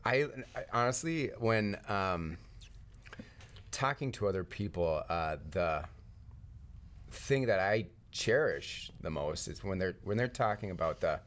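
A young man joking around on a casual podcast with his brothers, talking haltingly. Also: deep voice, lively intonation, a bit bright. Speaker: podcast co-host.

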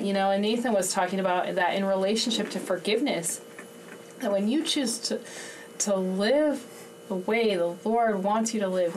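Woman, candid, open about emotions, laughs often, distant mic, faint hiss. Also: medium pitch. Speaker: podcast co-host and homeschooling mother. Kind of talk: candid faith conversation.

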